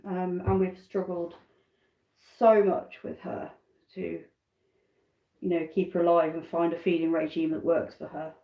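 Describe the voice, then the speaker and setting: A woman's voice: fairly low pitch, level tone, unhurried, long pauses, dull audio. Chatty British woman in echoey kitchen. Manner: rambling and chatty, drifting between tasks and asides. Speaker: backyard chicken keeper hosting a live stream. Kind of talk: casual live-stream chat. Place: home kitchen.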